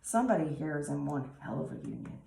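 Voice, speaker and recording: A woman giving a tarot reading, talking slowly and musingly with many pauses and restarts. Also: sits low, very animated, creaky, warm tone, echoey room. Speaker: tarot reader.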